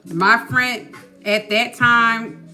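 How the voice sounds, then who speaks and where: Animated, bright-voiced woman telling a story. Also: a little high, very slow, soft background music. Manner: animated, full of "you know what I mean". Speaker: podcast host. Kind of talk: casual storytelling.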